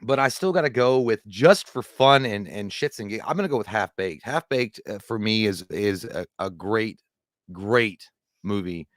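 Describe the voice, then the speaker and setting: A man's voice: lowish voice, expressive, normal speed, no echo, clean studio sound. A man co-hosting a livestream, rambling casually about movies, swearing and laughing often. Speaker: co-host.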